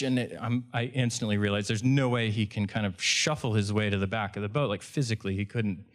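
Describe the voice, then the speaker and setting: A man's voice: lowish voice, brisk, few pauses. A man, a fishing guide, telling a story at a live event in a conversational way, often restarting and correcting himself.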